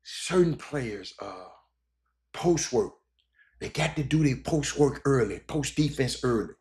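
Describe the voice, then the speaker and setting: A middle-aged man hosting a loose sports chat for his viewers. He rambles along with many fillers and restarts, animated and chatty, at a pitch in the normal range for a man. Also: measured pace. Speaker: sports broadcaster and show host. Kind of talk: casual live-stream chat with viewers.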